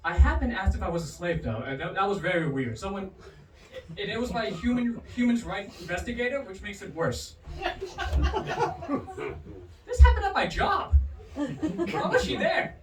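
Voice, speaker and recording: Animated male stand-up comic in a bar. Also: moderate pace, pauses often. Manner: animated, swings his pitch wildly for punchlines. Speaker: stand-up comedian. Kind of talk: stand-up comedy set. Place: bar comedy night with a live audience. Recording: roomy, distant bar recording with audience. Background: crowd laughter.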